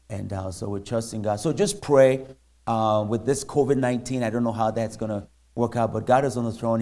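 A man preaching as a missionary in a church, halting and full of fillers, then reading scripture aloud. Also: lowish voice, dark tone. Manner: halting, many fillers and restarts.

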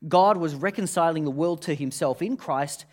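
A man's voice: a little high, normal speed. A man preaching a sermon, telling a long humorous story with many restarts before turning to scripture. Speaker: pastor.

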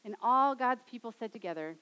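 A woman in her thirties delivers a sermon in a high, bright-pitched voice. She builds to loud, dramatic peaks, then drops to soft, hushed closes. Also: expressive, a little fast, clean tone, poor audio. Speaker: pastor.

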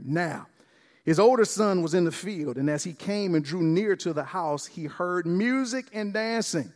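A man pastor preaching a sermon, acting out dialogue with lively emphasis and repeated words. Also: high-pitched, moderate pace. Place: church sanctuary. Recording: long church reverb.

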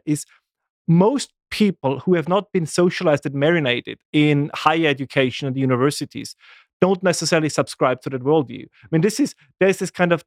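A man, a guest making lively, animated arguments in a casual political discussion. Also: fairly high pitch, no echo, clean studio sound. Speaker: guest commentator.

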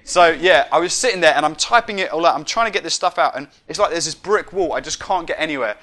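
A man preaching a casual, self-mocking sermon and then praying quietly. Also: a little high, fast talker. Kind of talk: sermon ending in prayer.

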